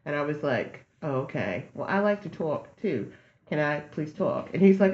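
A woman on a podcast telling a dating story in a casual, lively way, acting out both sides of the conversation. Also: low-pitched, moderate pace, echoey room, muffled recording, a little hiss or hum. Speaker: podcast guest.

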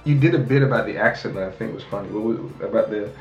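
A man's voice: lowish voice, fast, a little mellow, reverberant, muffled recording, faint music behind. Hesitant man searching for words. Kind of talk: casual interview chat.

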